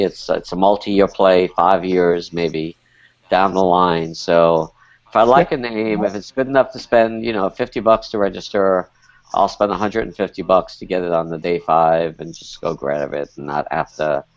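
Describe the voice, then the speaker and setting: Deep voiced guy on a panel, lots of i mean you know, dry muffled call sound. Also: steady tone, normal speed, no room sound. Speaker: panelist, domain investor. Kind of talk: casual panel discussion.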